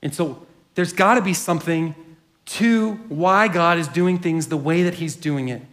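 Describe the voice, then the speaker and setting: Man preaching with a slightly high voice. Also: measured pace, a bit bright. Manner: reflective storytelling. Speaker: pastor. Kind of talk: sermon with story reading.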